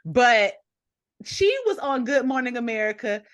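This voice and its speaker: A woman co-hosting a casual podcast, chatting in a lively way with quick reactions and laughter. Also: on the high side. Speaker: podcast co-host. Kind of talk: casual chat.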